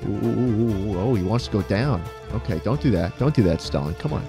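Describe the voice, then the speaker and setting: A man giving profane, excitable let's-play commentary, often yelping and laughing. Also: lowish voice, brisk, hardly any pauses, music in the background. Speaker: gaming YouTuber.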